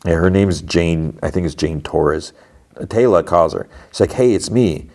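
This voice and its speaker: A man's voice: low-pitched, steady tone, moderate pace, a little mellow. A man hosting a podcast, casually recapping an episode in a rambling way, full of fillers and restarts. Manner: rambling, filler-heavy retelling with many restarts. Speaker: podcast host.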